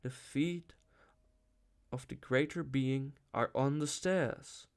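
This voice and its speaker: A man voicing a mysterious supernatural male voice that intones solemnly and then sinks to a hush. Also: mid-range voice, takes it slowly. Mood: whispering.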